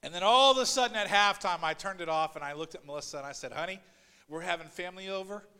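A man preaching a sermon as pastor, swinging between loud, urgent passages and quiet asides, and voicing Bible figures in a raised voice. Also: sits high, animated, quick pace, clear, resonant tone, long reverb tail. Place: church sanctuary.

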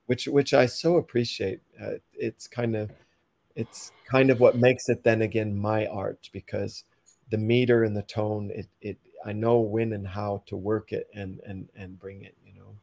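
A man's voice: on the low side, level tone, a little slow, creaky, darkish tone, dry recording. A man, a poet, reading his rhyming verse in a rhythmic, accented delivery, then chatting casually as a podcast guest.

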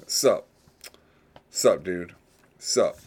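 A male podcast host talks in a slow, slightly low voice. He rambles through a casual monologue with loose, unhurried phrasing. Every so often he breaks into loud, playful put-on slang voices. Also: animated, slightly rough.

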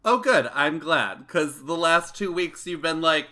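A man hosting a casual podcast, animated and camp, who acts out other people's words. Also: fairly high pitch, a little slow, few pauses. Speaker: podcast host. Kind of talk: casual chat.

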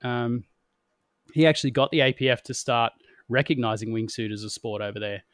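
A young Australian man, a professional wingsuit pilot, telling stories in a relaxed, slangy way and laughing often. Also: medium pitch, fairly quick, dry recording, studio quality. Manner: laid-back storytelling, slangy, laughs often. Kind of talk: casual chat.

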